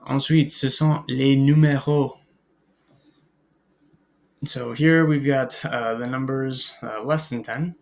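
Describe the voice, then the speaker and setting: A man's voice: mid-range voice, fairly even intonation, slow pace, creaky, pauses often. A man teaching a recorded French language lesson, hesitant with many ums and uhs, spelling out words letter by letter.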